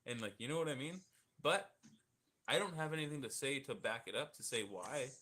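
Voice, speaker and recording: A man's voice: medium pitch, expressive, fairly quick, pushed and bright. A man in a casual online debate, rambling and thinking aloud, swearing often, heard over a video call.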